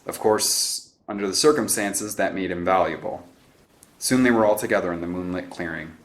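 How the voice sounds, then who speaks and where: A man reading a novel aloud as narrator in a steady, even storytelling manner. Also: deep voice, moderate pace. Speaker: audiobook narrator. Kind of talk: scripted narration.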